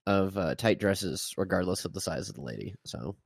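Deep gravelly guy co-hosting a podcast, blunt and dismissive, dry close sound. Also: animated, moderate pace, dry recording. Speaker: co-host. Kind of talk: casual comedic podcast banter.

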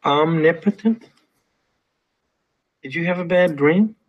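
A blunt young boyfriend, crude and plain-spoken, his voice slightly high and dull on a muffled film soundtrack. He talks flatly, without fuss. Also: slow pace. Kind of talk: film dialogue.

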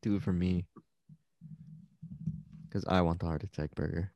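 A man's voice: low voice, fairly even intonation, normal speed, vocal fry, mellow, no room sound, lo-fi sound. A young man in a casual podcast chat, joking and swearing freely. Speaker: podcast co-host.

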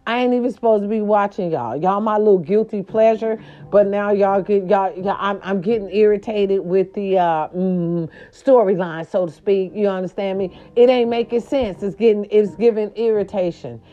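Woman host for sassy celebrity gossip, emphatic and theatrical, mellow tone, muffled lo-fi sound. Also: mid-range voice, moderate pace, few pauses. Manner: sassy and emphatic, repeating catchphrases; theatrical, with swoops and growls.

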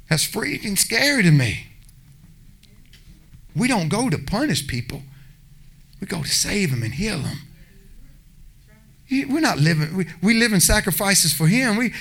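A man preaches with fervor, his voice pitched notably high for a man. He swings between loud exhortation and quieter pleading, acting out short bits of dialogue along the way. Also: gravelly. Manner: passionate, impassioned preaching with acted-out voices. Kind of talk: sermon.

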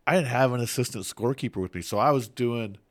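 A man co-hosting a casual sports podcast, chiming in with quick reactions and casual swearing. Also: medium pitch, no room sound. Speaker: podcast co-host.

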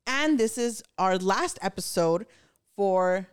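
A woman's voice: medium pitch, animated, slow pace, clean tone. A young woman co-hosting a podcast, chatting casually with lots of swearing and laughter. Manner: profane, laughing, loose banter. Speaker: podcast co-host.

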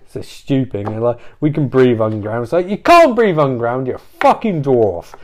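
A man's voice: mid-range voice, very animated, fairly quick. A man telling a rambling comic story, swearing constantly and going off on digressive rants.

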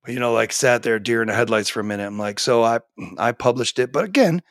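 A man's voice: mid-range voice, fast talker, fairly bright tone, no echo, clean studio sound. A man in his forties, a teacher and author, talking animatedly as a podcast guest, full of fillers and restarts. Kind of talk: casual conversational interview. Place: home office.

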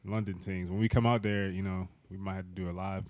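A young man co-hosting a podcast, giving relaxed shout-outs in casual chat. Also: deep voice, quick pace. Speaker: podcast co-host.

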